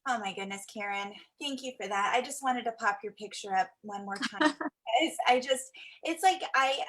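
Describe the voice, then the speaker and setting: A woman's voice: on the high side, normal speed, fairly bright tone. Gushing, effusive woman host. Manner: gushing and effusive, easily moved.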